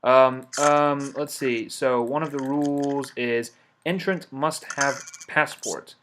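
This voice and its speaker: A man's voice: mid-range voice, fairly even intonation, takes it slowly, a bit bright. A man giving let's play commentary, talking himself through each step and scolding the game's characters in mock outrage. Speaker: game commentator.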